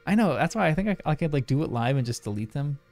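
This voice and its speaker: A man's voice: fairly high pitch, big pitch swings, fast talker, darkish tone, soft background music. A man chatting casually on a livestream while solving a crossword, rambling, laughing often and talking to his chat.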